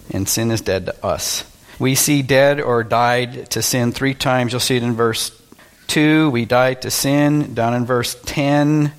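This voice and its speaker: Earnest man preaching a sermon. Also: medium pitch. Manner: earnest preaching, rhetorical questions. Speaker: pastor.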